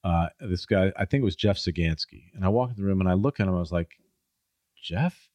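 A middle-aged man, a guest in a casual conversation, tells stories and acts out the people he quotes in a raised voice. His own voice is low and darkish, his pace quick, with no room sound.

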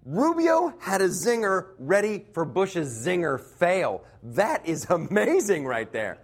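A middle-aged man performing a stand-up comedy set, animated and mocking, slipping into quick impressions. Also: high voice, husky.

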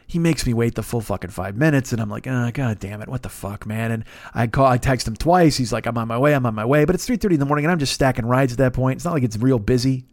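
A man hosting his own podcast, telling rambling, profane stories in a deep radio-style voice and acting out the people in them. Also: quick pace, few pauses, darkish tone, dry recording, clean studio sound. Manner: profane, rambling storyteller who acts out other people's voices. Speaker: podcast host. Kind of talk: casual solo monologue.

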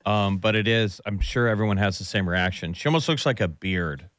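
A man co-hosting a morning radio show, telling stories in a casual, animated way. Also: on the low side, brisk, no room sound, clean studio sound.

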